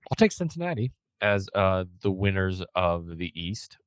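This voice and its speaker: Low-voiced guy hosting a podcast, rambly with lots of ums, dry close sound. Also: very animated, moderate pace, clear, resonant tone, no room sound. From United States. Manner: rambling, chatty with fillers. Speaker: podcast host. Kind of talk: casual chat.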